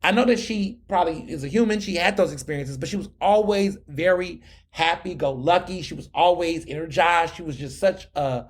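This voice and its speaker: A man's voice: fairly high pitch, a little fast, slight background noise. A young adult man hosting a podcast, telling a long story in a chatty, slangy way with lots of restarts. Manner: chatty, repeats words and restarts often, slangy. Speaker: podcast host. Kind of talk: casual storytelling monologue.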